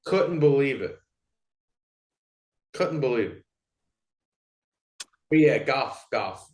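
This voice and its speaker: A man's voice: mid-range voice, animated, slow pace, a little mellow, roomy sound. A man co-hosting a podcast who tells stories in a rambling way, with lots of fillers and swearing. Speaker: podcast co-host. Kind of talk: casual chat, storytelling.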